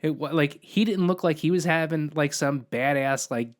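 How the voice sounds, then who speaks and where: A man on a casual podcast who tells a vivid personal story in a blunt, animated way. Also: fairly high pitch, moderate pace. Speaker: podcast host.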